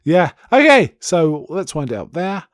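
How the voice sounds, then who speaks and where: A man's voice: on the high side, sing-song, a little slow, no room sound, clean studio sound. A man hosting a podcast, casually retelling and reviewing a TV episode in an enthusiastic, rambling way with many restarts.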